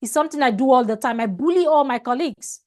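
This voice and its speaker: A woman with a high voice teaching a customer service class over a video call. She talks emphatically, repeats and restarts her phrases, and often stops to ask "All right?". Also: animated, fast. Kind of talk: online training lecture.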